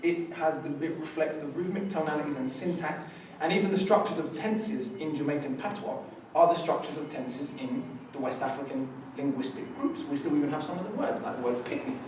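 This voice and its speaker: Animated man, echoey and far. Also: fairly high pitch, brisk, hardly any pauses. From United Kingdom. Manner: animated, lecturing, acts out voices and rhythms. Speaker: rapper on a festival press panel. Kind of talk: passionate press conference talk. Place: conference room. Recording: echoey room, mic far off, faint noise.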